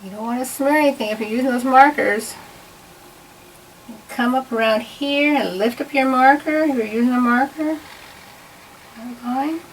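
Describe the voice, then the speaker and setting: A woman's voice: high-pitched, normal speed, long pauses, slight background noise. A woman giving a patient, step-by-step drawing lesson to children. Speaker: art teacher. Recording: voice a bit far from the mic.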